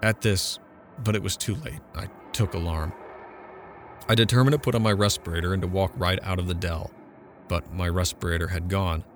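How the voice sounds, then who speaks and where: A haunted, defiant young man tells his story with intense urgency, as a male reader gives him voice. His voice is low, set over faint background music in an audiobook. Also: moderate pace, close to an everyday voice. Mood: urgent.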